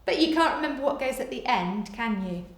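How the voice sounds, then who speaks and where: A woman, a primary school teacher giving a remote lesson to young children, dictating slowly and praising a lot. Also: high voice, expressive, reverberant. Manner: slow, exaggerated dictation with big praise.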